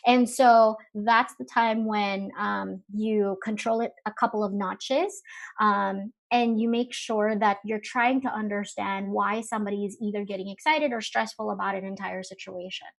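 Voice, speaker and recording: A woman's voice: mid-range voice, fairly even intonation, normal speed, gravelly. A woman speaking on a live webinar, talking in a conversational way with many fillers and rhetorical questions. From Philippines.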